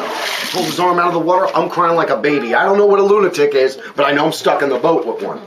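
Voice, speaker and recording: A man's voice: on the high side, lively intonation, fast talker. A man in his forties with a Southern US accent, an airboat tour captain telling a story to passengers in a folksy, joking, dramatic way. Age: 40s. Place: outdoors on an airboat in the swamp. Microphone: tourist's camera some distance away. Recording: distant voice with outdoor noise.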